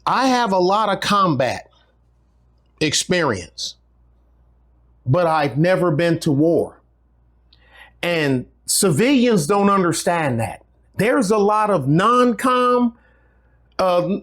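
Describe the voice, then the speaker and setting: A middle-aged man, talking casually to his viewers in a rambling, folksy way with many restarts. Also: a little high. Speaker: channel host. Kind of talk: casual talk to camera.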